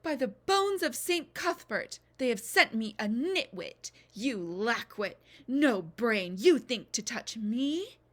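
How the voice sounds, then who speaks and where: A woman's voice: big pitch swings, slow, few pauses, a bit bright, full character voice. Woman putting on a screeching miller's wife. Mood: furious shrieking. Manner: shrill and raised.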